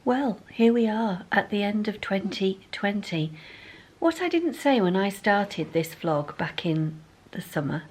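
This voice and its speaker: A woman's voice: mid-range voice, animated, a little slow, darkish tone, husky. A woman chatting casually in a sewing vlog, rambling and self-deprecating, talking into a phone at home. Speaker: sewing vlogger.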